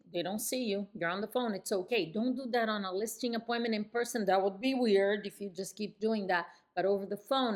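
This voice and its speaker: A middle-aged woman coaching real estate agents, speaking firmly in falling tones and jumping up high to demonstrate. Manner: emphatic, demonstrates phone tones with sudden high pitch jumps; speaks in firm downswings. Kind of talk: coaching lesson to camera.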